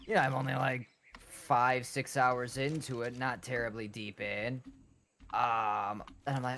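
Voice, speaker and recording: A man's voice: mid-range voice, flat delivery, unhurried, gravelly, bright, forceful tone, slight background noise. A man chatting casually while gaming with a friend, rambling and playfully sarcastic. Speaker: co-op gaming partner.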